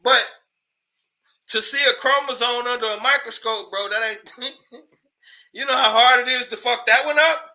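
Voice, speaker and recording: A man's voice: extremely high pitch, normal speed, long pauses, pushed and bright. A man hosting a casual commentary show, ranting in a loose, profane way, laughing often and repeating words when worked up.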